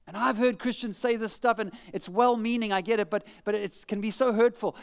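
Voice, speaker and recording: Earnest, higher-voiced male pastor preaching. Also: fairly even intonation, vocal fry, smooth. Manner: reads scripture slowly with dramatic pauses; earnest and conversational between readings. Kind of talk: sermon. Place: church.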